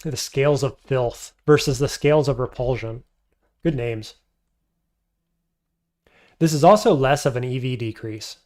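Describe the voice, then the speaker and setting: A man's voice: medium pitch, a little slow, long pauses, darkish tone. A man streaming a game, thinking aloud as he weighs his options and answers chat. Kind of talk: casual live-stream commentary.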